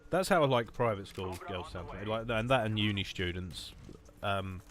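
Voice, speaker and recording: An English gaming streamer with an Essex accent gives casual livestream commentary in a lowish, fairly bright voice at a moderate pace. He rambles and swears jokingly while playing a shooter, with game gunfire in the background.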